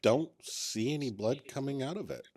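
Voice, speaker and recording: A man's voice: medium pitch, moderate pace, darkish tone. A man running a tabletop role-playing game as game master, calling for rolls and describing scenes playfully.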